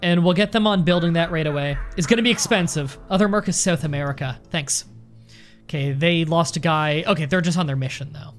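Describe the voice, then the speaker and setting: Let's play host: a man with a slightly high voice, chatty and rambling, thinking out loud during casual commentary. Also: brisk, faint music behind.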